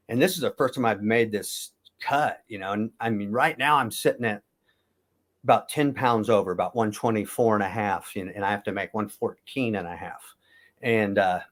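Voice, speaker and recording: A middle-aged man from the United States, a former wrestler, telling stories in a casual interview, rambling and correcting himself as he goes. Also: lowish voice. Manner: rambling, self-correcting, chuckles at his own stories. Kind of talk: casual storytelling.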